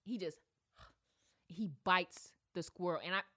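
A woman's voice: lowish voice, a little slow. A woman hosting a podcast, telling a story in a casual, slangy way and acting out voices as she goes. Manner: animated, slangy, acts out voices. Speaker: podcast host.

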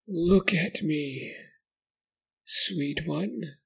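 A gaunt crooked creature speaks in a strained, high whisper that mimics words like a parrot. Each breath wheezes between the words. Its tenderness sounds false. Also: male voice, drawn-out words, gravelly, fairly bright tone, husky, exaggerated voice. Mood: coaxing whisper. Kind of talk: horror story narration.

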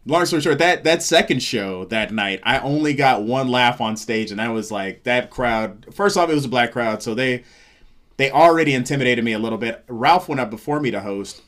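Man, comedian, casual storytelling, animated, acts out quotes. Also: mid-range voice, moderate pace. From Seattle, USA.

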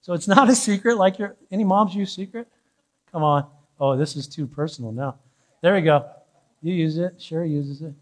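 A man's voice: high-pitched, normal speed, long pauses. A male pastor preaching a sermon in church, teasing the congregation and building to fervent calls.

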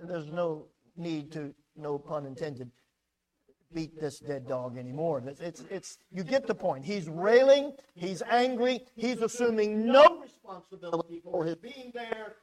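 A male pastor delivering a sermon in an emphatic, animated way. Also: high voice, unhurried, low-quality recording.

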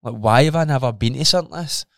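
A man co-hosting a podcast, telling a story in an animated way, swearing a lot and acting out his own reactions. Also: medium pitch, very fast, dry recording, clean studio sound. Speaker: podcast co-host. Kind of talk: casual chat.

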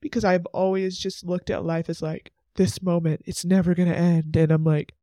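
A man's voice: high-pitched, flat delivery, normal speed, warm tone, dry recording, clean studio sound. A man in his twenties hosting a faith podcast, talking earnestly and emotionally in a chatty way, full of "like" asides. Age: 20s. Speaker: podcast host.

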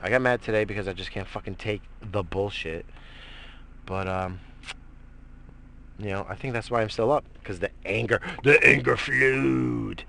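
A young man rants and rambles through a late-night solo vlog, swearing freely, shouting one moment and muttering the next. His voice is gravelly with a bright, sharp edge. Faint background noise sits under it. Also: on the low side, normal speed. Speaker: vlogger.

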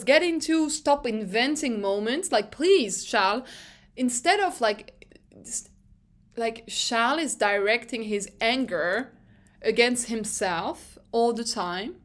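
Animated, opinionated young woman podcaster. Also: fairly high pitch. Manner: animated, opinionated, swears freely. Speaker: podcast host. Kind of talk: casual solo podcast monologue.

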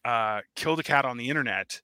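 A man in casual comedic podcast chat, telling stories with animated acted-out dialogue and plenty of swearing. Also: medium pitch, quick pace, clean tone, no room sound. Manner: animated storytelling, acts out quoted dialogue, swears freely. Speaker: podcast guest or co-host.

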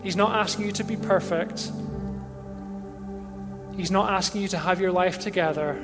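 A man with a high voice leads a church congregation in prayer, his tone gentle and inviting and his pace unhurried. His words ring out with a long reverb through the hall while the band's music plays behind him. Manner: gentle and inviting, slow and reflective. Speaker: pastor. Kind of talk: sermon closing in prayer. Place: church service with a band.

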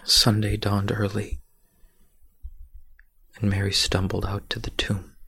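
A male preacher retelling a scripture story in a sermon, hushed and often dropping to a whisper for drama. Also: lowish voice, monotone, takes it slowly, vocal fry, slightly rough, no echo.

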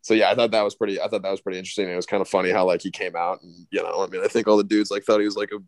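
Young guy rambling, lots of likes and ums, low dry voice. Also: little pitch movement, very fast, dry recording. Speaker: podcast co-host. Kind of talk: casual chat.

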